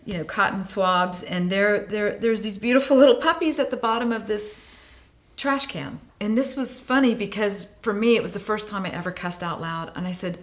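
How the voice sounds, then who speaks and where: A woman's voice: medium pitch, normal speed. A woman in her late forties, a guest on an interview show, telling a story with lots of feeling, her voice rising and dropping with the tale. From United States. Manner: animated, vivid storyteller, voice rising and falling with the tale. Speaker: guest, animal welfare advocate.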